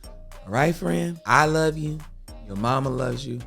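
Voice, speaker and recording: A man's voice: medium pitch, lively intonation, measured pace, gravelly, a bit bright, faint music behind. A man hosting a storytime advice show, speaking earnestly in a preachy, comforting way.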